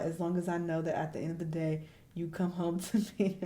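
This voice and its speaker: A woman hosting a reaction video, reading messages aloud and breaking into loud, incredulous remarks. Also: lowish voice, level tone, a little fast. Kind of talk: casual reaction commentary.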